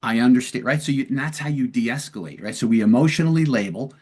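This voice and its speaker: A man with a mid-range voice hosts a long-form interview and talks the listener through his points in a relaxed, conversational way. He slips into short acted-out dialogue to make his examples clear. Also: mid-range voice, fast. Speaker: podcast host and police lieutenant.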